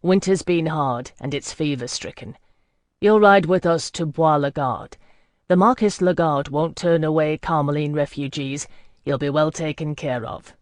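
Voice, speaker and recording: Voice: mid-range voice, unhurried, no room sound, close to an everyday voice. A reader voicing a curt, shrewd scout captain. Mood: commanding. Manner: clipped, commanding. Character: seasoned male border scout leader, curt and shrewd.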